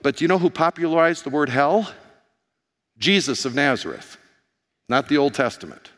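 A man preaching a sermon as pastor, hoarse, animated and firing questions at his congregation. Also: fairly high pitch, moderate pace. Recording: long reverb of a large hall.

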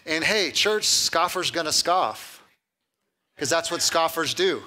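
A pastor preaching a sermon in a conversational, animated way, often repeating words and slipping in humor. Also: male voice, a little high, slow.

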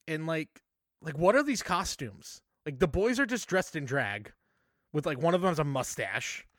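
A man's voice: fairly high pitch, moderate pace, no room sound, clean studio sound. A man co-hosting a podcast, recapping a film in casual chat with irreverent, profane exaggeration. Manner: irreverent, swears freely, deadpan exaggeration. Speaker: podcast co-host.

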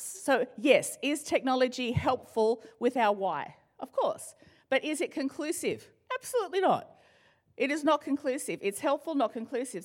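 A middle-aged woman giving a conversational sermon, playful and joking as she talks straight to the congregation. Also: on the high side. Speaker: church speaker.

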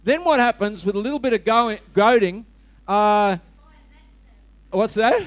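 Male preacher, high voice, dry close sound, story-driven and funny sermon delivery. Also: unhurried, no echo. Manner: humorous, storytelling, talks directly to the congregation.

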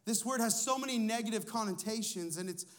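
A man's voice: high-pitched, a little fast, a bit bright. A man who is a lead pastor, preaching a sermon in a conversational way, asking his listeners questions and telling personal stories.

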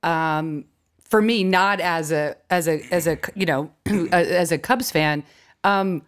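A woman stand-up comedian chatting as a podcast guest, telling stories with quick asides and laughs. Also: fairly low pitch, smooth. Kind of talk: casual podcast chat.

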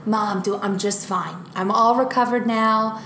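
A woman's voice: medium pitch, steady tone, measured pace, vocal fry, a bit bright, echoey room, a little hiss or hum. A woman comedian in an improvised comedy scene, talking eagerly and reassuringly, often restarting her sentences.

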